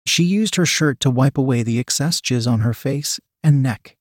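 A man reading a story aloud as a narrator, in an even, unhurried storytelling manner. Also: medium pitch, no echo, clean studio sound. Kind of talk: scripted audiobook narration.

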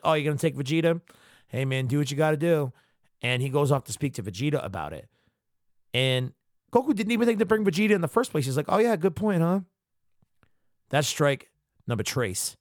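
Podcast host, male, mid-pitch, casual swearing fan recap, dry close sound. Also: no room sound. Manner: loose, slangy, profane, retells scenes.

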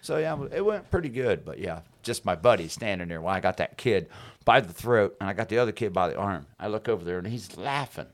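A low-voiced man spinning rough-and-tumble yarns with a lot of swing in his pitch. He talks casually, curses freely and breaks into laughs mid-story, like a regular on a relaxed podcast. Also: a little fast. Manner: animated, rowdy, swears freely and laughs through his stories. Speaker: podcast host.

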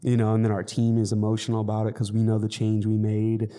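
A man's voice: fairly low pitch, completely flat delivery, quick pace, warm tone. A man co-hosting a fitness podcast, talking earnestly in a casual, rambling way with many restarts. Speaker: fitness coach, podcast co-host.

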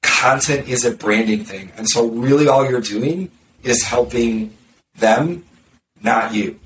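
A man talking about marketing in a casual podcast conversation, blunt and sarcastic, with quick restarts and repeated words. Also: mid-range voice. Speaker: marketer discussing content strategy. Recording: roomy, distant mic with faint background noise.

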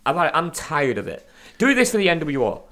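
Ranting British man, lively pitch. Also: normal speed. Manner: swears a lot, ranting. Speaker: podcast co-host. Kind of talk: casual chat.

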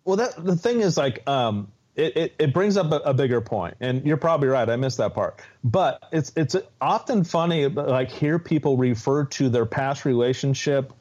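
A man's voice: mid-range voice, expressive, moderate pace, few pauses, a little mellow. A man co-hosting a podcast, recapping episodes in a rambling, casual way. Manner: rambling recaps with many restarts and fillers. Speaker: podcast co-host. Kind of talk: casual chat. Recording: dull lo-fi sound.

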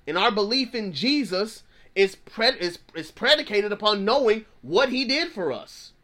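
Male pastor, thirties, fervent preacher, bright tenor voice, repeats himself for emphasis. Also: high-pitched, lively intonation, moderate pace. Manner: fervent, repeats phrases, plain-spoken slang. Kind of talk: preaching sermon.

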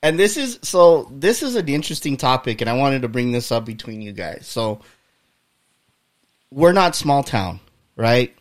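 A man's voice: mid-range voice, very animated, normal speed. A man in a mid-range voice hosts a casual podcast chat. He leads with questions, swears casually and laughs easily. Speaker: podcast host.

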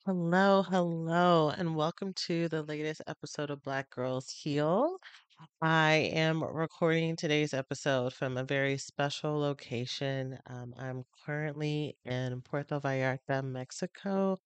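Woman podcast host, coaching background, heartfelt and pausing, dry close mic. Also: low-pitched, smooth, dry recording. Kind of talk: casual personal podcast talk. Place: on location on a trip.

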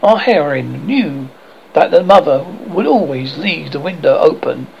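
A man's voice: on the high side, lively intonation, unhurried, gravelly, dull audio, slight background noise. A man voicing an earnest, motherly girl telling a bedtime story to a room of boys.

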